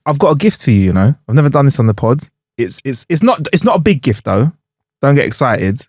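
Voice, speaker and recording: A man's voice: mid-range voice, very animated, fast talker, darkish tone, husky, no echo. A young man co-hosting a podcast in a small studio, talking in a laid-back, slangy, upbeat way. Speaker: podcast co-host. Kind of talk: casual chat.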